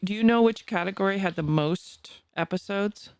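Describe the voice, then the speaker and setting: A woman's voice: mid-range voice, normal speed, clean tone, dry recording. A woman in her sixties with a Boston accent, co-hosting a podcast in bubbly casual chat and laughing often. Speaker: podcast co-host.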